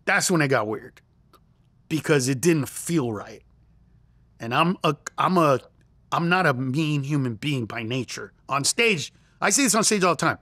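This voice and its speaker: Lively, high-voiced man telling a story. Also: measured pace, dry recording. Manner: acts out quoted lines in a raised voice. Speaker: interview guest, comedian. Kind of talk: animated storytelling.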